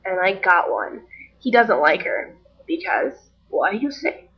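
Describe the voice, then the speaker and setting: A young woman telling a story in a casual vlog, chatty and animated, acting out the people she quotes. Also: medium pitch, slow, muffled recording.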